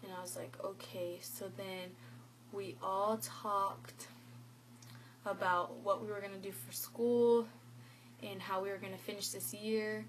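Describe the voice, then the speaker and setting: A teen girl shares a personal story on her vlog, speaking a little slowly in a mid-range voice. Her telling is animated, full of quoted exchanges and "like." The low-quality recording has a little hiss or hum.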